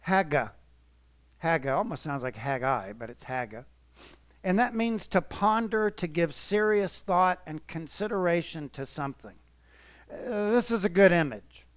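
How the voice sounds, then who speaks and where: Earnest, emotional preacher man, smooth voice. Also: fairly high pitch, expressive, measured pace, no room sound. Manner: emotional, earnest, swells and drops in volume. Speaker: pastor. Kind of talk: sermon.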